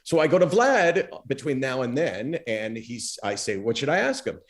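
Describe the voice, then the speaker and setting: A middle-aged man, once a talk show host, talks freely as a podcast guest. His voice sits at an ordinary pitch but swings widely as he acts out the people in his stories. He talks casually, with plenty of fillers and restarts. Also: moderate pace. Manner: animated storyteller, acts out quoted dialogue with big pitch swings. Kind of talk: storytelling interview talk.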